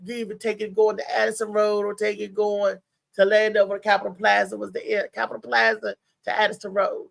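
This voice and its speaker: A woman from Maryland hosting a live show, telling a story in a chatty, animated way and talking straight to her listeners. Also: medium pitch, fairly quick, vocal fry, no echo. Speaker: show host.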